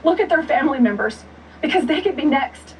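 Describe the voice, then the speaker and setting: A woman's voice: high voice, animated, a little fast, slight background noise. A woman pleading tearfully as a guest in a televised news interview. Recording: distant television broadcast audio.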